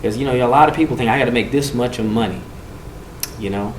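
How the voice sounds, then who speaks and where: A man speaking to a group about gang and drug prevention, telling a story and acting out the quotes with big swings in voice. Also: quick pace. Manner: animated, acts out quotes with swings in pitch and volume. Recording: echoey room with faint noise.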